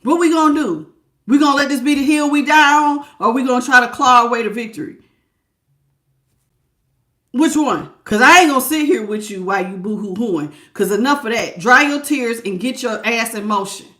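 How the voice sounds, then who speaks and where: A woman's voice: a little high, normal speed, fairly bright tone, reverberant. A woman giving a live tarot reading, scolding her listeners with blunt tough love in slangy casual talk and calling them baby. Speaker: tarot reader.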